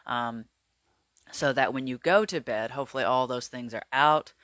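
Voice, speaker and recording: A man's voice: medium pitch, normal speed, fairly bright tone, no room sound. A man vlogging casually to camera about wellness, rambling with lots of fillers and checking his notes. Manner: rambling, filler-heavy, chatty; glances at notes while talking.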